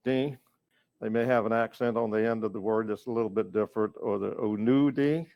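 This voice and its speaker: A man from North Carolina teaching a language lesson, going slowly and patiently, repeating each word and chuckling now and then. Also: fairly low pitch, steady tone, no echo. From North Carolina, USA. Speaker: educator and storyteller. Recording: dull, lo-fi recording.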